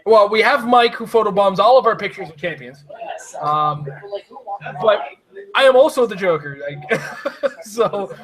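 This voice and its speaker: A man with a high voice talks fast and eagerly, drifting into long tangents and breaking into laughter. He sounds like a host in casual chat. A crowd keeps murmuring behind him the whole time. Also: poor audio. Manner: rambling, excitable, laughs often. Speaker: podcast host.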